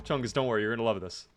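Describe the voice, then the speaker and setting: Young male streamer, mid-range voice, quick to react and chatty with his viewers. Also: medium pitch, slight background noise. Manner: excitable, reactive, thanks viewers often. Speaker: game streamer. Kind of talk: live gameplay commentary.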